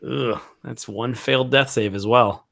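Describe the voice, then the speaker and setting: A man's voice: mid-range voice, fairly even intonation, unhurried, gravelly, fairly bright tone. A man playing a tabletop game, chatting casually and joking, exclaiming often. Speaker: player.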